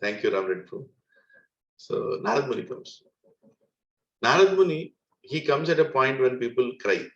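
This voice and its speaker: A man with an Indian English accent teaching a devotional scripture class over a group call, telling the story in an animated way with chuckling asides. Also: mid-range voice, normal speed, pauses often, roomy sound, dull audio. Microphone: video call.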